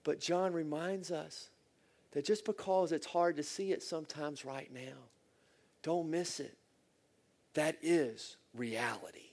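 Earnest pastor preaching with emotion. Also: male voice, a little high, takes it slowly, vocal fry. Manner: earnest, emotional storytelling with sudden loud bursts and soft, near-whispered lines. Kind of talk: sermon.

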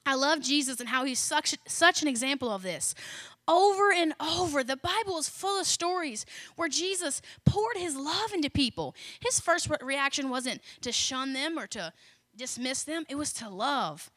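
A woman speaks in a bright, lively tone, sharing a conversational devotional message. She repeats key phrases for emphasis and drops in casual, self-deprecating asides. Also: high-pitched, moderate pace, no room sound, studio quality.

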